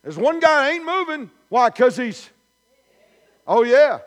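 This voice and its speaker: Pastor guy preaching in church, kinda high voice, keeps hammering the same line. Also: sing-song, slow, fairly bright tone. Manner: emphatic, repetitive preaching with rising declarations. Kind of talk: sermon. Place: church sanctuary.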